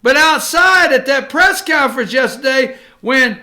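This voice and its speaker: A man's voice: extremely high pitch, expressive, measured pace, pushed and bright. A male talk show host giving emphatic, opinionated commentary and cueing his producer between clips. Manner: ranting, emphatic, cues the producer.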